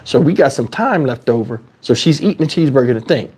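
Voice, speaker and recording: A man telling a story in a casual, animated way, swearing freely and speaking conversationally. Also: mid-range voice, fast talker, breathy edge.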